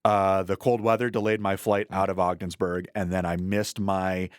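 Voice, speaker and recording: A man's voice: deep voice, level tone, clear, resonant tone, no echo, clean studio sound. A man co-hosting a casual chat, telling stories with wry asides. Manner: wry, storytelling, quick asides. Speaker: podcast co-host.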